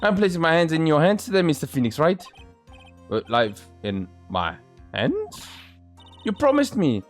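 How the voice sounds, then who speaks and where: Peppy young policewoman from a game, eager and loud, voiced by a man raising his pitch. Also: big pitch swings, moderate pace, soft background music. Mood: pleading.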